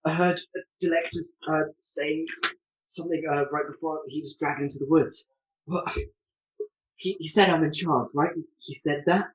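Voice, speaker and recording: A man's voice: on the high side, fairly even intonation, moderate pace, lightly acted. Man playing a hurt, stubborn village man, pushy and insistent, in a distant, echoey game call. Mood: confused. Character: wounded stubborn male villager. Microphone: video call.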